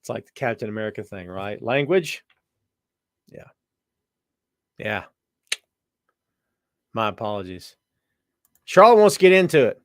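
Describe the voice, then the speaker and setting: A man's voice: big pitch swings, moderate pace, long pauses, no echo, clean studio sound. A man hosting a casual live-stream show, greeting viewers from the chat by name and calling them brother and my friend. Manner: jumps between loud exclamations and low asides. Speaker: podcast host reading live chat.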